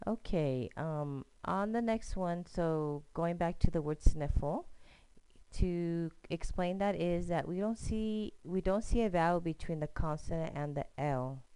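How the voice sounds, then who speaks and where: A woman's voice: lowish voice, measured pace, warm tone, smooth, no room sound, low-quality recording. A woman teacher patiently explaining a screencast lesson step by step, often checking in with "okay?".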